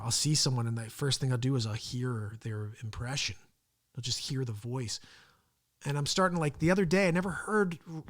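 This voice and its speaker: A man with a somewhat high voice hosts a casual live stream. He rambles from one thought to the next, chatty and relaxed, and chuckles often. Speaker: host of a daily live talk show.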